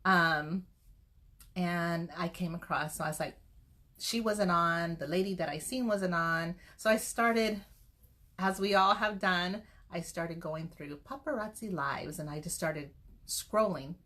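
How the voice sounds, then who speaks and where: Earnest woman giving a pep talk, lowish voice. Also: a little slow. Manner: lively storytelling, acting out quoted voices; earnest, faith-driven encouragement. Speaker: direct-sales team leader.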